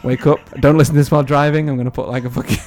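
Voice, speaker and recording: A man's voice: a little high, level tone, rapid-fire, darkish tone, soft background music. A young man telling a story in a casual podcast chat, swearing and laughing often. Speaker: podcast co-host.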